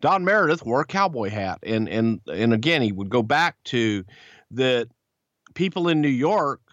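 A man with a Southern accent talks bluntly and colorfully, swearing freely as he tells a story. His pitch rises and falls constantly, and he often slips into excited voices. The recording is dry and somewhat dull, with little high end. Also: no room sound. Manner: blunt, profane, animated, puts on excited voices. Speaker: podcast co-host. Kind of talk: casual storytelling chat.

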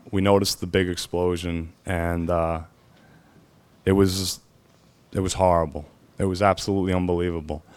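A man telling his own story as a firefighter, halting and emotional, pausing often with fillers. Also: deep voice, smooth, dry recording. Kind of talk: personal storytelling.

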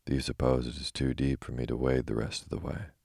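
A man's voice: very deep voice, level tone, quick pace, creaky, a little mellow, no echo, clean studio sound, exaggerated voice. A man voicing an earnest, polite little girl in a storybook reading.

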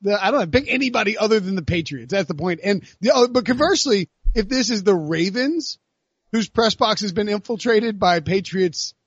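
A man co-hosting a sports podcast in casual chat, rambling and animated with many restarts. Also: high-pitched, fairly quick, husky, no echo, lo-fi sound. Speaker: podcast co-host.

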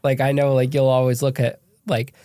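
A man's voice: mid-range voice, flat delivery, fairly quick, mellow, no room sound. A young man hosting a podcast in a studio, reading an upbeat intro and chatting loosely with his guest. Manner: upbeat, reads an intro then chats loosely with fillers. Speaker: podcast host.

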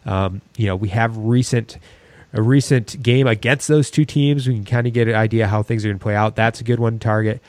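A man's voice: on the low side, fairly even intonation, a little fast, darkish tone, no echo. A man co-hosting a casual sports podcast, talking in a rambling way with many restarts. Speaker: podcast co-host.

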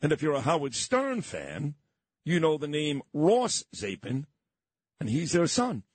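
A man's voice: on the high side, huge pitch swings, measured pace, breathy edge, no room sound. A man, a radio host reminiscing in a sentimental, rambling way. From Brooklyn, New York. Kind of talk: reminiscing on-air chat.

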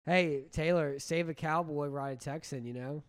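A young man talking through an old football game with a friend, lively and full of anecdotes. His voice is fairly high and smooth. It is recorded close and dry, with no room sound. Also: normal speed, no echo. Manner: animated, storytelling, laughs easily. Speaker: podcast co-host. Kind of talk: casual chat watching an old football game.

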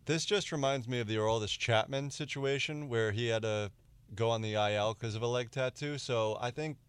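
A man's voice: mid-range voice, fairly quick, clear, resonant tone, no room sound. A man co-hosting a sports radio show, chiming in with dry joking asides. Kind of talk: casual sports talk chat.

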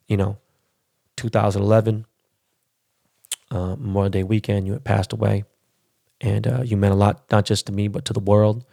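A man's voice: on the low side, darkish tone, dry recording, clean studio sound. Blunt, profane man with LA slang. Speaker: podcast host. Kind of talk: casual monologue podcast.

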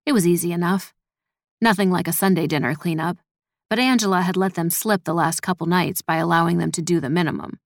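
A woman reading a story as a scripted narration in an even, measured manner. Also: lowish voice, no room sound, studio quality. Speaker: audiobook narrator.

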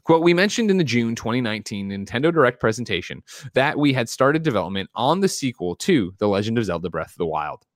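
A man hosting a casual gaming news podcast, talking in an animated way with frequent restarts and reading out listener letters. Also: medium pitch, fast, no echo, clean studio sound. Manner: animated, restarts often, reads listener mail. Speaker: podcast host.

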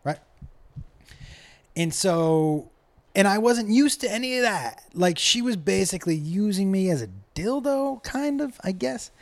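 Man, profane comic storyteller, lively swooping pitch, dry close sound. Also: unhurried, creaky, no room sound. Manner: profane, animated, acts out quotes. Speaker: comedian storyteller.

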